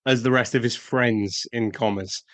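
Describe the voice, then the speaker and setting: Podcast co-host, man, mid pitch, dry close sound, wry and jokey. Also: steady tone, normal speed, fairly bright tone, dry recording. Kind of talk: casual film chat.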